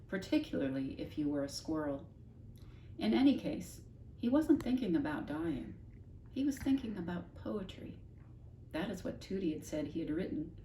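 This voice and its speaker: Woman teacher, children's novel read-aloud, lowish voice, echoey room, recorded from a distance. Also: slight background noise. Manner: expressive read-aloud, pausing to explain words. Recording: echoey room, mic at a distance, faint ambience.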